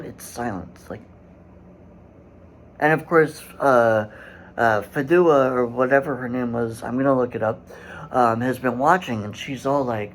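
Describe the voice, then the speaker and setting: A man hosting a solo commentary podcast, speaking in a halting way with many fillers and restarts and growing indignant. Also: medium pitch, a little hiss or hum, low-quality recording. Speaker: podcast host.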